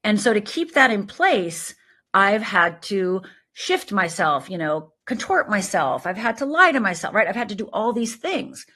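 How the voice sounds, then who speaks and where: A middle-aged woman, a life coach, talking in an animated, emphatic way as an interview guest. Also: mid-range voice, normal speed. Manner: animated, emphatic, lively storytelling with quoted voices. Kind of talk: conversational interview.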